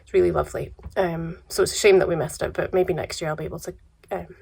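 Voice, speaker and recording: A Scottish woman vlogging casually about yarn and advent calendars, her voice croaky from a cold, relaxed and chatty with soft trailing asides. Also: lowish voice, fast. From Scotland. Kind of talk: casual chat to camera.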